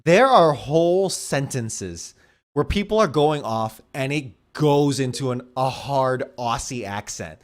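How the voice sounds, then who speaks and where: A man's voice: medium pitch, expressive, unhurried. Chill guy on a movie podcast, says dude a lot, easygoing and jokey. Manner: laid-back, jokey, loose with fillers and "dude". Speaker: podcast co-host. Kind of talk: casual movie review chat.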